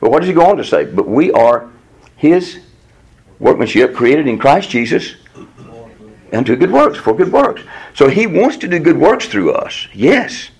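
A man teaching a Bible study in a lively, conversational way, often leaping high in pitch to voice God's replies. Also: measured pace, vocal fry, breathy edge. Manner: animated, jumps to a high voice when quoting God. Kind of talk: Bible teaching with class discussion.

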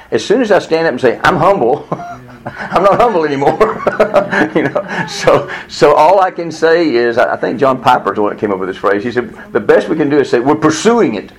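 Earnest older man teaching a Bible class. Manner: earnest, candid, many restarts, rising to high exasperated voices when quoting himself. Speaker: Sunday school teacher.

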